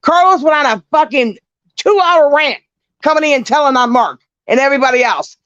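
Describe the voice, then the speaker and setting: Middle-aged woman on a call, swears freely, animated storyteller, dry and dull lo-fi sound. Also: high-pitched, fairly quick, dry recording. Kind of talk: casual chat.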